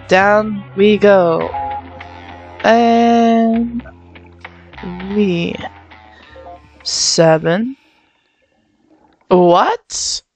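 A woman narrates her video game playthrough in a chatty, giggly way, often mocking herself. She talks at an unhurried pace. Faint game music plays behind her. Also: medium pitch. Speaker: gamer playing through a game. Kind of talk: let's-play commentary.

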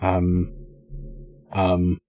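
A man's voice: low voice, monotone, extremely slow, phone-quality sound, soft background music. A young English man streaming a game, chatting casually, swearing and reading out chat. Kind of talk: casual live-stream commentary.

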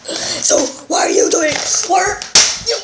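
A woman's voice: extremely high pitch, heavy background noise. A woman playing a strict, ranting dad. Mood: furious ranting. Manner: slow, drawn-out scolding with sudden shouts. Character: strict ranting father scolding his son. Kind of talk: comedy sketch acting. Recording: roomy echo.

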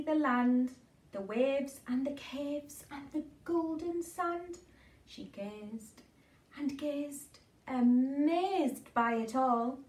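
A woman with a high, darkish voice reads a picture book aloud to small children in a sing-song style, dropping in playful asides. She's recorded far from the mic in an echoey room.

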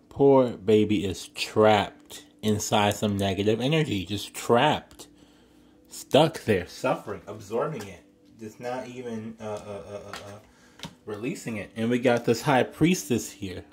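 A man reads tarot cards for his viewers in a loose, chatty way. He exclaims often and lets out sudden high-pitched squeals between calmer stretches. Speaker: tarot reader. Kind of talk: casual tarot reading to viewers.

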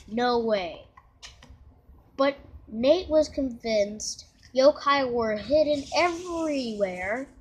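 Casting note: slow, halting woman reader of a kids' book, higher voice, faint hiss. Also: animated, low-quality recording. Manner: slow, halting, self-correcting. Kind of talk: reading a children's book aloud.

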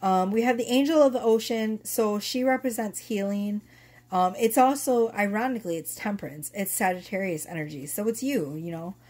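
A woman's voice: mid-range voice, normal speed, darkish tone. A woman in her thirties who is losing her voice, chatting casually and swearing as she reads tarot cards to camera. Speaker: tarot reader.

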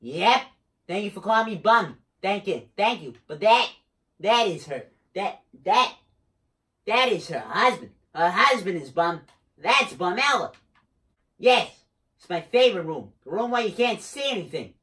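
A gamer doing excitable, joking let's play commentary, talking to themself while playing and screaming now and then. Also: mid-range voice, unhurried. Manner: excitable, jokey, talks to himself while playing.

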